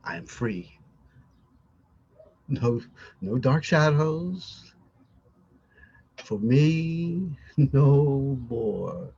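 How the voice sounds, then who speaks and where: An actor playing a haunted, reclusive older husband who talks in a halting, stammering, brooding way. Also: male voice, mid-range voice, big pitch swings, creaky, mellow, slightly rough, dry recording, highs cut off, heavily acted. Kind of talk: amateur audio drama.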